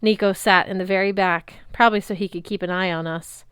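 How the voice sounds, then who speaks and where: Woman reading a story aloud, crisp. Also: mid-range voice, fairly even intonation, a little fast, a bit bright, no room sound, studio quality. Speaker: reader. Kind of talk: audiobook narration.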